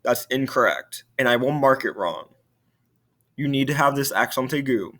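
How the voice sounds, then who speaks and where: A man's voice: medium pitch, animated, normal speed, bright, forceful tone. A male French teacher giving a recorded video lesson, explaining patiently and repeating key points.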